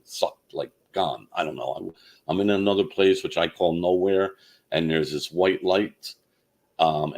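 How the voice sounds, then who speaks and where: Man with a very deep voice, halting. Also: darkish tone. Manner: halting, many fillers and restarts. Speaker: channel host. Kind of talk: personal storytelling monologue.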